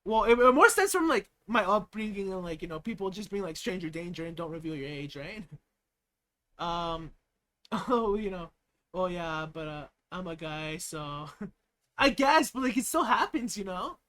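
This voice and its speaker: A man's voice: sits high, lively intonation, moderate pace, a bit bright. A young American man chatting on a live stream, giggling often and rambling with plenty of fillers. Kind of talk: casual live-stream reaction chat.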